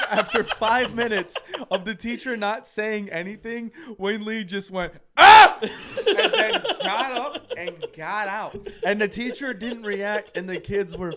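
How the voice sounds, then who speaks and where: A young man with a high voice tells a funny story on a casual podcast. He swears freely and laughs as he goes. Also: measured pace. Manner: animated storyteller, laughing, cursing. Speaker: podcast co-host.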